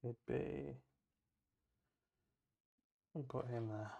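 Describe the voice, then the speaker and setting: A man's voice: mid-range voice, fairly even intonation, very slow, vocal fry, warm tone, highs cut off. A man playing a tabletop wargame, thinking aloud as he moves models, measures ranges and rolls dice in casual play commentary.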